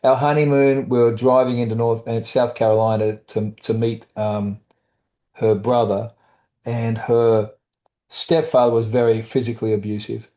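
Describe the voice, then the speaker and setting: Middle-aged male guest, warm low-key timbre, halting storyteller, quotes others in passing. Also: little pitch movement. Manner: halting, with restarts and brief quoted voices. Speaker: guest, author and trauma survivor. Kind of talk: candid storytelling in conversation.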